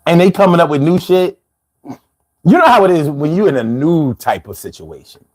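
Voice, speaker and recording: A man hosting a live stream in casual chat, reading out viewer comments in a slangy, animated way. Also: fairly high pitch, normal speed. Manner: slangy, animated, laughs between lines. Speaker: livestream host.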